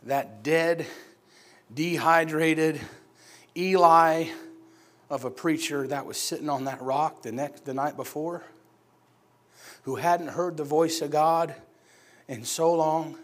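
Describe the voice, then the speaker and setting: High-voiced man preaching with dramatic swings. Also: slow pace, long pauses. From upstate New York. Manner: dramatic, swings from hushed to shouting. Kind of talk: sermon storytelling.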